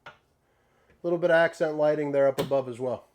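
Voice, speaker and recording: A man hosting a casual walkthrough tour inside an RV, talking in a folksy, joking way with relaxed slang. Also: on the high side, quick pace. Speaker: RV tour host.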